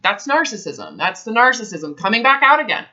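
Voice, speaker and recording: On a dull lo-fi recording, a woman health advisor counsels someone in a blunt, emphatic style, swearing freely. She speaks a little fast, her voice on the high side with big pitch swings and a pushed, bright quality.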